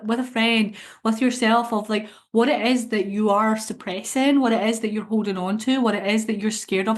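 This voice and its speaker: A young woman co-hosting a spiritual podcast, talking earnestly and reflectively in casual chat, often repeating phrases. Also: a little high. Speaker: podcast co-host.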